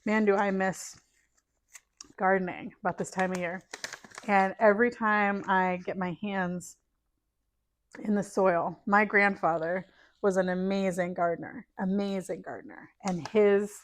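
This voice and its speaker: A middle-aged woman with a lowish voice chats casually while planting seeds indoors at home, in a dry recording. A gardening vlogger, she thinks aloud and drops to murmurs as she sorts through seed packets.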